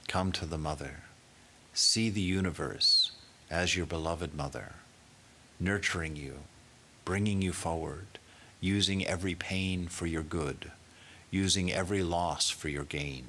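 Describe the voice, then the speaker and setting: Deep-voiced man preaching emphatically. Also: pushed and bright, a little hiss or hum. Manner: emphatic, with rising rhetorical questions. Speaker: swami giving a talk. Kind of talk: sermon.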